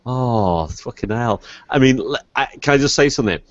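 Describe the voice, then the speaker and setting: A man's voice: mid-range voice, moderate pace, no echo. A man co-hosting a comedy podcast, reading a story aloud and chatting with laughs and swearing. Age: adult. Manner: animated, laughing, swears a lot. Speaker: podcast co-host, story reader. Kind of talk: casual comedy podcast chat and mock reading. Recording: dull lo-fi podcast audio.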